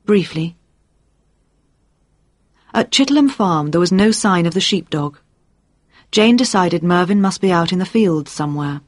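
A narrator reads a crime story aloud at an even, steady pace, with the pitch in the middle range. The sound is dry and close, with no room reverb. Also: normal speed. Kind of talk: audiobook narration.

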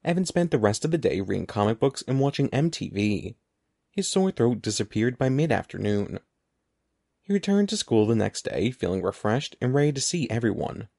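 Gravelly, animated male storyteller. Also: mid-range voice, moderate pace. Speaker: audiobook narrator. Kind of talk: scripted storybook narration.

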